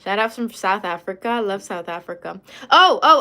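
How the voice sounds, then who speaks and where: On her livestream, a young woman from Lebanon reads comments aloud in a slightly high, sharp voice, talking fast and animatedly with few pauses. Her casual chat rambles, and she often loses her train of thought.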